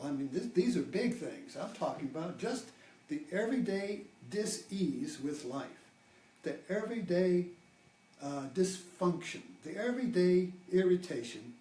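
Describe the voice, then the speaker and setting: A man's voice: sits high, mellow, far from the mic. An older man giving an informal spiritual talk, rambling and restarting his sentences often. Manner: rambling, with many restarts and fillers. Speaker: spiritual teacher. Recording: roomy, from off-mic.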